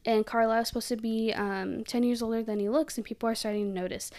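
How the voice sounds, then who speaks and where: A young woman casually recapping a movie, animated and giggly, with lots of "like". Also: on the high side, quick pace. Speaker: podcast co-host.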